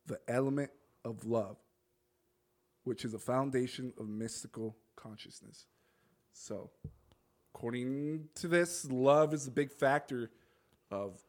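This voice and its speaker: A man co-hosting a podcast, reading topic notes in casual chat, with frequent restarts and laughs. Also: medium pitch. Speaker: podcast co-host.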